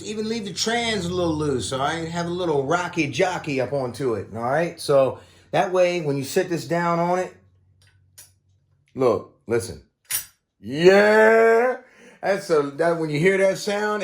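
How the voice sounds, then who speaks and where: A man's voice: fairly high pitch, normal speed. A man hosting a casual build tutorial, folksy and playful, with bursts of exclamation. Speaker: RC car builder, channel host.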